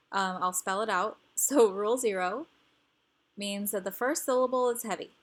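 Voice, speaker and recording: A woman teaching grammar rules, explaining patiently and repeating each example word. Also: mid-range voice.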